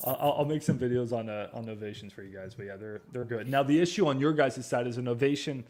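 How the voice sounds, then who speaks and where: A man hosting a casual training livestream from a home studio, talking loosely with slang and quick restarts. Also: medium pitch, darkish tone. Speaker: host of a real estate training livestream. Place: backup home studio at his father's house.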